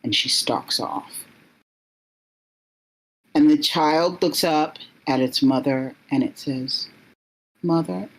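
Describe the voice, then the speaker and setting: A woman narrating a story as she recounts a vision, halting and searching for words as she goes. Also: extremely low pitch, breathy edge, rough recording. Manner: halting, many fillers and restarts.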